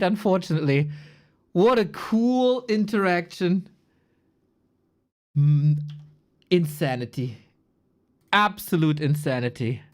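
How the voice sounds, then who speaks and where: A woman casting a live esports match, excitable and bursting into shouts at big plays. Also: mid-range voice. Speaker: esports caster. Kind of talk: live game commentary.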